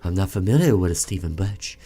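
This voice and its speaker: A man's voice: sits low, lively intonation, brisk, mellow, slightly rough, soft background music. A man reading a guarded police officer. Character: guarded male police officer returning home.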